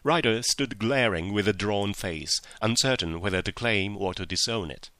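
Low-voiced man narrating an audiobook. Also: normal speed, bright, forceful tone, no echo. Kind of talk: scripted narration.

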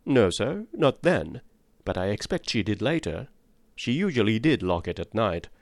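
A man's voice: lowish voice, very animated, moderate pace, gravelly, no room sound. A man reading an audiobook, voicing a timid young female housemaid who answers hesitantly and deferentially.

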